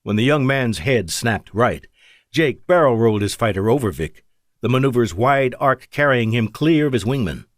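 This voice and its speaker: A man narrating an audiobook in a measured, dramatic way. His pitch moves lively through the sentences. The sound is close and dry, with no room around it. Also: dry recording. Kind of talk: scripted narration.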